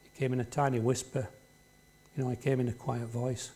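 A man's voice: medium pitch, level tone, fairly quick, mellow, husky. A man delivering a sermon from the front of a church. His delivery is plain and conversational, with a middle-range voice. He keeps asking the congregation "isn't it?" and "don't we?" to keep them involved. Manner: conversational, leans on tag questions to the congregation. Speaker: preacher.

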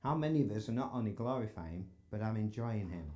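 Earnest preacher with a mellow low voice. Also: male voice, animated, brisk. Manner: earnest, rising to emphatic exclamations. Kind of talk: sermon. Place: church sanctuary.

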